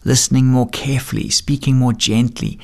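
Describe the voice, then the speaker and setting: A man hosting a radio show, reading a gentle, earnest scripted reflection. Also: medium pitch, fairly even intonation, fairly quick, vocal fry.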